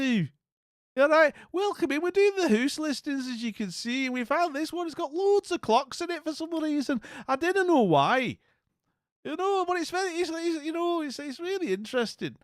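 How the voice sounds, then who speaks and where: A man's voice: extremely high pitch, dry recording, studio quality, voice pushed up. A man putting on an exaggerated Scottish accent to welcome a viewer in a gushing, self-mocking way. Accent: Scottish, put on. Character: over-friendly Scottish man greeting a guest.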